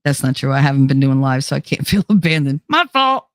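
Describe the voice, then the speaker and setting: A woman's voice: very deep voice, very animated, a little fast, no room sound, clean studio sound. A middle-aged woman hosting a casual livestream, chatting with her viewers and reading their comments, laughing often and swearing freely. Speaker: livestream host.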